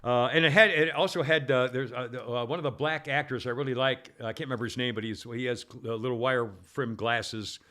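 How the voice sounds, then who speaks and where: A man's voice: mid-range voice, fairly even intonation, fairly quick, hardly any pauses, bright, forceful tone. A man hosting a talk radio show, reading this-day-in-history items in a rambling way, full of uhs and restarts.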